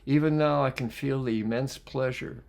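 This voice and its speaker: A man reading a book aloud as a life skills coach. He reads reflectively and pauses to put questions to his listeners. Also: mid-range voice, fairly even intonation, vocal fry, darkish tone. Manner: reflective, poses questions to listeners between passages. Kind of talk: reading aloud with spoken asides.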